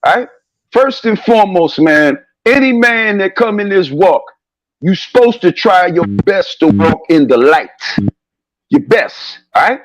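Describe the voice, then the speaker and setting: A man's voice: high voice, big pitch swings, unhurried, dry recording, rough recording. A man in a heated live stream rant, preaching and calling people out in confrontational street talk over a call connection. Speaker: guest on a live stream show.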